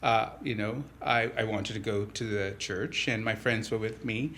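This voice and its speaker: Bright-voiced priest telling a story. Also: male voice, fairly low pitch, normal speed. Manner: animated storyteller, laughs often. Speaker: Catholic priest, pastor. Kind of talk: storytelling in a conversational interview.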